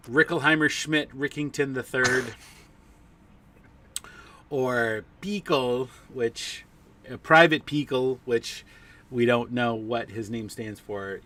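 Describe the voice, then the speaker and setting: A man running a tabletop role-playing game, joking with players and then slowly setting the scene with many fillers. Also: mid-range voice, pushed and bright, distant mic. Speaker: game master. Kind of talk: casual tabletop game chat and narration.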